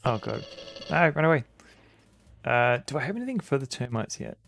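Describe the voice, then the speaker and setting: A man's voice: medium pitch, big pitch swings, normal speed, vocal fry, a bit bright, faint music behind. A man streaming an old computer game, rambling casually, chuckling and greeting chat.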